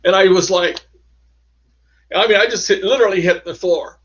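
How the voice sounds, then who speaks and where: A man, an author, telling personal stories as an interview guest, halting and restarting often as he talks. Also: sits high, fairly bright tone. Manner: halting, with many restarts and trailing phrases. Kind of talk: casual interview storytelling. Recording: dull lo-fi sound.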